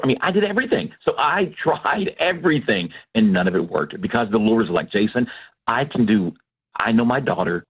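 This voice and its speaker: A man from Texas, a pastor and Christian counselor, giving an animated personal testimony in a radio interview. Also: mid-range voice, slightly rough. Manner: animated storytelling, acts out quoted voices. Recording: dull lo-fi radio broadcast.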